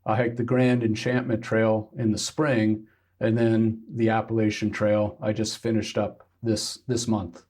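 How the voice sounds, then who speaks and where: A man from Kansas, a guest on a podcast, telling stories in a halting way with many pauses and fillers. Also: on the low side, monotone, a little mellow. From Kansas, United States. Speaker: guest hiker. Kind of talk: casual interview.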